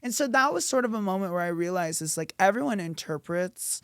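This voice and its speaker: A young woman co-hosting a podcast, chatting expressively and quick to react. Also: mid-range voice, expressive, smooth, dry recording, clean studio sound. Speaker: podcast co-host. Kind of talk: casual chat.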